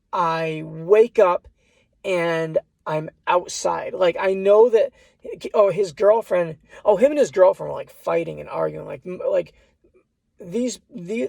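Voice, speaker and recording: High-ish gravelly guy rambling through a story, dry close sound. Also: darkish tone, no room sound. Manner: rambling, repeats "I said" and restarts lines. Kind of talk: casual personal storytelling.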